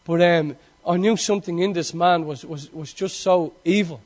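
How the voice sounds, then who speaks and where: High-voiced Irish preacher. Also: male voice, normal speed. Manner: impassioned storytelling, swinging between loud and hushed. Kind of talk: sermon.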